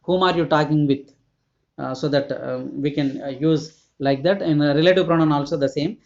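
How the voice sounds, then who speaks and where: A man's voice: on the high side, fairly even intonation, normal speed, creaky, darkish tone. A male school teacher, giving a grammar lesson in a hesitant way, full of "uh" fillers and repeated word lists. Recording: dull lo-fi recording.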